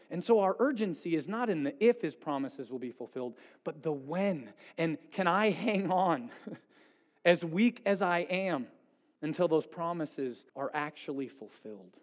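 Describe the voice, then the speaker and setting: A man delivers a sermon in a high voice, pressing hard in pleading passages and then dropping almost to a hush. His voice rings out with a long reverb that fills a church sanctuary. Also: animated, measured pace. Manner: swings from pleading intensity to hushed quiet. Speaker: pastor.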